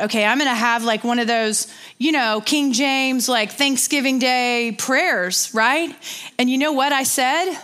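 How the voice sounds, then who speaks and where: A woman in her forties, a Bible study teacher, telling a personal story in an animated, emotional way with asides. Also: on the high side.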